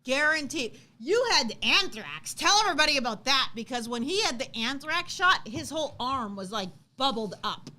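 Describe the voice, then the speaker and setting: A woman in her thirties co-hosting a casual live chat, telling a story with lively acted-out quotes and frequent laughter. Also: high-pitched, moderate pace, hardly any pauses. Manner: animated storytelling, acts out quotes, laughs often. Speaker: co-host.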